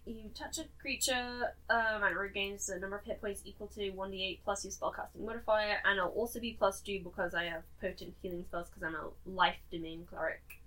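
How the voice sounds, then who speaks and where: A woman's voice: medium pitch, steady tone, a little fast, pushed and bright, distant mic, rough recording. A woman playing a tabletop game, emphatic and reading out spell rules. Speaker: player and editor of the show. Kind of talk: casual tabletop chat.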